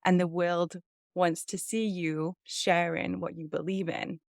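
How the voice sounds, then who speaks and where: Woman podcast host, lowish voice, dry sound; enthusiastic and rambling. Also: flat delivery, unhurried, dry recording. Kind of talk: casual interview chat.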